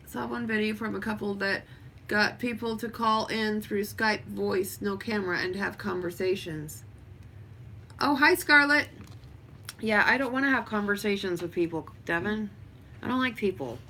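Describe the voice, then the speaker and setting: A woman's voice: mid-range voice, normal speed, fairly bright tone. A woman talks loosely to viewers on a livestream from her home. She drifts between thoughts with plenty of fillers. A faint background hum sits under her voice. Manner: rambling, many fillers. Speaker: vlogger. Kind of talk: casual livestream chat.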